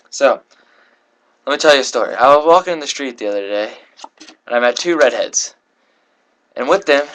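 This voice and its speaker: A man's voice: mid-range voice, fairly bright tone. A young man performing a card trick while telling a rambling story, often correcting himself mid-sentence. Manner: rambling, self-correcting, voices quoted people. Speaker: card magician.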